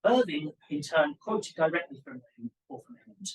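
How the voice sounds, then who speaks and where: A young man, a PhD student, giving an academic conference talk in an animated, emphatic way with asides to the audience. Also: fairly high pitch, moderate pace, recorded from a distance, low-quality recording. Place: conference room.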